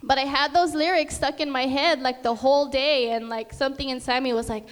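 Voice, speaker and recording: A woman's voice: sits high, brisk, hardly any pauses. Young woman telling a faith story in a hall. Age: young adult. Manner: chatty, many fillers, sings and acts out quotes. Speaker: speaker sharing a testimony. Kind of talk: casual testimony talk. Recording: long hall reverb.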